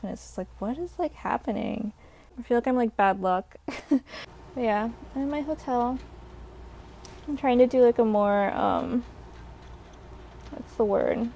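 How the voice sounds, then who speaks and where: A woman's voice: medium pitch, warm tone. A young woman vlogger telling a rambling, exasperated storytime in a hotel room, full of fillers. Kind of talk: casual storytime.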